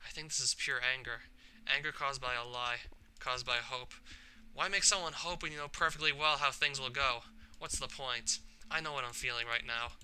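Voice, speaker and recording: A tormented, brooding teenage girl from a visual novel, read aloud by a man. The voice is very bright and sharp and breaks upward into cries, with a faint hiss of noise behind it. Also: medium pitch. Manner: emotional, voice rising to cries. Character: troubled shy teenage girl, anxious, brooding.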